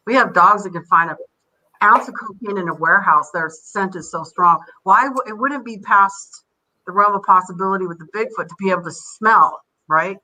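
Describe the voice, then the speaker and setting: An older woman, a grandmother and podcast guest, telling rambling, animated stories and acting out the voices she quotes. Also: medium pitch, normal speed, rough recording. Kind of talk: casual interview storytelling.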